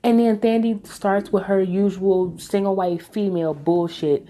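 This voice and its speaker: A woman's voice: medium pitch, fairly even intonation, a little slow, hardly any pauses, warm tone. A woman giving a blunt, exasperated casual recap of a reality show, swearing as she talks.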